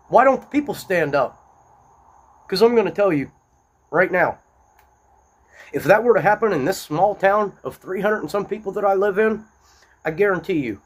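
Agitated high-voiced man ranting. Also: breathy edge. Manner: agitated, repetitive, blunt. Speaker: political commentary host. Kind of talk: unscripted angry monologue. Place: small-town home.

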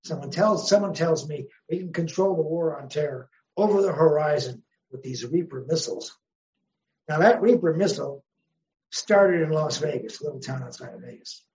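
A man's voice: on the high side, normal speed, a little mellow, lo-fi sound. A man, a history professor, speaking as an interview guest in an emphatic, wry way and posing rhetorical questions. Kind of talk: conversational interview.

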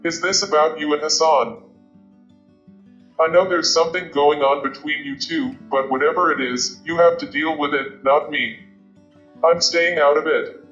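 A man voicing a stern, quick-tempered father who speaks curtly through his anger, in a muffled recording with soft guitar music. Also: on the high side, steady tone, natural voice. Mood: curt, angry. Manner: curt, clipped and angry.

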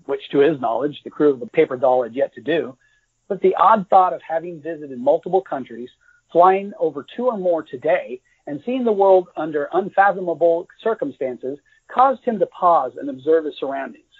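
Man reading his own novel aloud, measured, husky voice, a bit high, dry tinny phone-like audio. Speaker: author reading his book.

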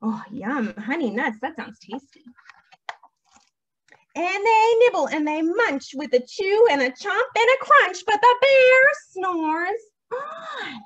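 A young woman leading a toddler storytime at a library, reading aloud slowly in a sing-song, animated way with whispered shushes, on a dull lo-fi recording. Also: extremely high pitch. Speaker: children's librarian. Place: library program room.

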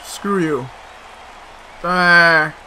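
A man's voice: on the high side, extremely slow, sharp tone, a little hiss or hum. A man commenting on his own gameplay, muttering to himself, swearing in frustration and breaking into sudden outbursts. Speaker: let's play host.

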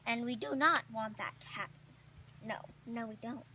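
A woman's voice: on the high side, moderate pace, sharp tone, a little hiss or hum. A woman playing an eager female flying squirrel teacher at a rodent school, sing-song and encouraging, repeating her praise in an amateur comedic role-play. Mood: instructive.

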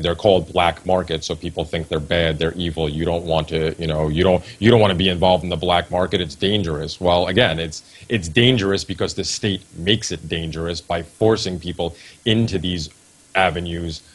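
A man with a very low voice co-hosts a casual podcast. He talks haltingly, restarting his sentences as he clarifies his view. His delivery is relaxed and conversational. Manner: hesitant, many restarts, clarifying. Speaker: podcast host. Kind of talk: casual discussion.

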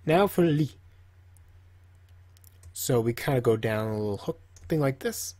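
A man's voice: medium pitch, expressive, measured pace, a little mellow. A man casually teaching, joking and talking to himself while he draws. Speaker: language teacher. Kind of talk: casual tutorial while drawing.

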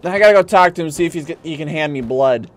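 A man streaming a video game, commenting live, excitable, talking to the enemies he fights and bursting into exclamations. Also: a little high, fast. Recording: game music loud under the voice. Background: game music.

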